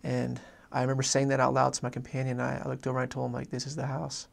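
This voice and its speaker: Gravelly, flat-voiced man telling a story. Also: medium pitch. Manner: earnest, halting, many restarts. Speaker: former missionary. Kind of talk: personal faith testimony story.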